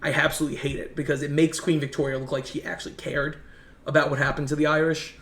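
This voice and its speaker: A man's voice: a little high, little pitch movement, fast, fairly bright tone. A man from the United States telling rambling, earnest travel stories in a casual chat. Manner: earnest, rambling anecdotes with many restarts. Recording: echoey room.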